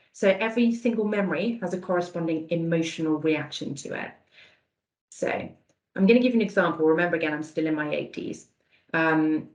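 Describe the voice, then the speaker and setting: Woman, lowish voice, encouraging trainer, online session, echoey room. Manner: warm, encouraging, praises answers from chat. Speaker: dementia awareness session presenter.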